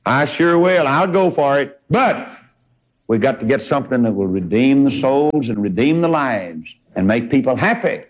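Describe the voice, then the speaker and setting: Man preaching, folksy and fervent, swooping pitch, muffled lo-fi recording. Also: big pitch swings, normal speed. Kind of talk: sermon. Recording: dull lo-fi recording.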